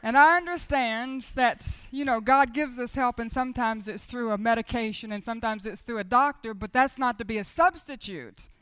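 A woman preaching a sermon with intense feeling, swinging between loud urging and hushed, almost whispered lines. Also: fairly high pitch, dry recording. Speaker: speaker at a Christian women's gathering.

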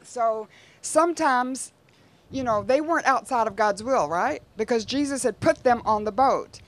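A woman preaching a sermon in a conversational way, with frequent rhetorical asides to her listeners. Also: on the high side.

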